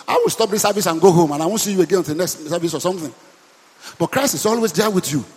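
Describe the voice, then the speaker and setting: A Nigerian-accented man preaching as a pastor, calling out to his congregation and pressing them to answer back. His voice sits high and carries a husky edge. The sound rings with the long reverb of a church hall. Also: racing, a little mellow. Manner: emphatic call-and-response preaching. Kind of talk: preaching a sermon.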